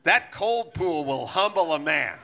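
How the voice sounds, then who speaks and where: A middle-aged man hosting a live comedy podcast, telling profane stories in an animated way and laughing as he talks. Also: a little high, measured pace, vocal fry. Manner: animated, swearing, laughs mid-sentence. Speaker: podcast host. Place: live show on stage.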